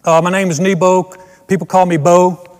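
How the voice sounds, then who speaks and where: A man doing a loud, furious townsman. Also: sits high, lively intonation, brisk, in a large hall, voice pushed up. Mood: angry. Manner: loud, aggrieved, blunt. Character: angry male townsman with a rock, blaming the leader.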